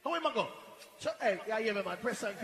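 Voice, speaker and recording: A man with a Jamaican accent working as a sound system MC at a live dance, shouting and chanting hype calls to the crowd. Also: high voice, animated, brisk, heavy background noise. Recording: echoey hall with loud music.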